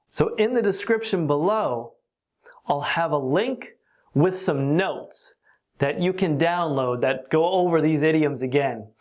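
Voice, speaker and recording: An English teacher giving an online lesson, explaining deliberately and laughing now and then. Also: mid-range voice.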